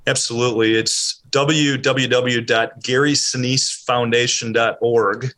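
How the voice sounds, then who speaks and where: Earnest male charity head, bright voice, measured answers. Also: mid-range voice, little pitch movement. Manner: earnest, measured, uses ums. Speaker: charity CEO guest. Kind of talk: interview answers.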